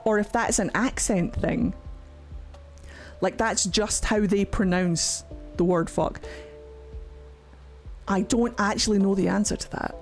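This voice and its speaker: A Scottish woman streams live, chatting casually in a medium-pitched, somewhat mellow voice. She talks freely and swears a lot.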